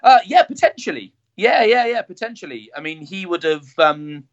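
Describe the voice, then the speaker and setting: A man's voice: high voice, animated, moderate pace. A man, a town jester being interviewed, talking casually with many fillers and restarts. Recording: dull lo-fi sound.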